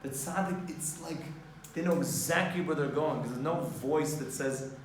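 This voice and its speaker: A man's voice: on the high side, moderate pace, slight background noise. Male teacher in an echoing room. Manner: lively, explanatory, mixing in Hebrew terms. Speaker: Torah teacher. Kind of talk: informal class lecture. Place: classroom. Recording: echoey room, distant mic, faint ambience.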